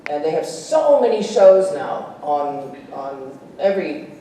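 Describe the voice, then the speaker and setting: A woman answers questions on a convention stage, her pitch swinging widely as she laughs and acts out bits of her stories. The sound is caught from a distance in a big echoing hall, with a faint hiss under it. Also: takes it slowly. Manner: animated, laughs often, acts out voices. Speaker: guest actress at a convention panel. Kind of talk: convention panel Q&A.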